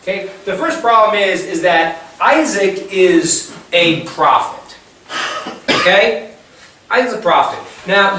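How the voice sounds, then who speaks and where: A man with a high, slightly bright voice teaches an informal Bible class as a Torah teacher, telling the story in a chatty manner with rhetorical questions. The mic sits far away in a very echoey room, picking up faint hiss.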